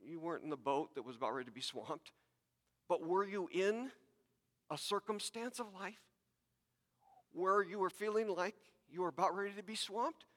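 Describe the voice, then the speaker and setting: A man's voice: high voice, normal speed, pauses often, fairly bright tone, in a large hall. A man preaching a sermon to his congregation, talking conversationally with repeated words and asides. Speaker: pastor.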